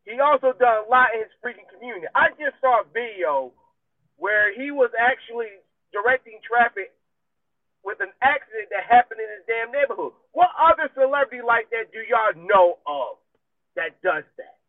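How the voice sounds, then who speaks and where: High-voiced man ranting with a country twang. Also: lively intonation, moderate pace, no room sound. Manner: emphatic, profane, repetitive ranting. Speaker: podcast host. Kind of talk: heated solo commentary. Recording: dry, tinny phone-like audio.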